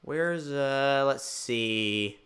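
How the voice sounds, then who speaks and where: A man giving excitable, jokey, rambling commentary while playing a racing game. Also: mid-range voice, extremely slow, smooth. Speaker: gaming channel host. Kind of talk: gameplay commentary.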